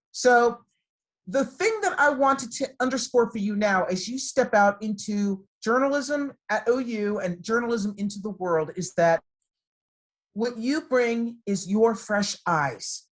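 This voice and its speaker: A middle-aged woman, a guest speaker addressing students over a video call from her computer, warm and encouraging as she tells stories. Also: medium pitch. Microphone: computer microphone on a video call.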